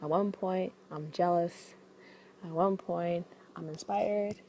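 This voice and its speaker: A woman's voice: lowish voice, fairly even intonation, takes it slowly, darkish tone, slight background noise, rough recording. A young adult woman talking to her viewers in a casual vlog, rambling with many restarts and fillers. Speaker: vlogger.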